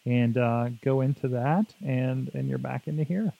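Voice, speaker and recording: A man's voice: medium pitch, normal speed, creaky, no echo, phone-quality sound. A man co-hosting a tech podcast, chatting casually and rambling with lots of fillers and jokes. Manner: rambling, jokey, many fillers. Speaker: podcast co-host.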